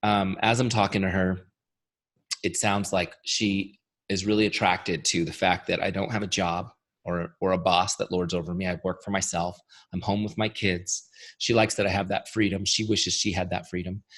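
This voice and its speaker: A man with a tired, fading voice gives an energetic webinar training, chatty and full of rhetorical questions. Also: low-pitched, normal speed. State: losing his voice. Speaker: software founder giving a training webinar.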